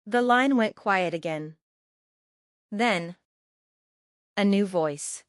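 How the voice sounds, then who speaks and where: A woman narrating a scripted first-person story in calm, terse short sentences. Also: medium pitch, slow pace, pauses often, no echo, studio quality.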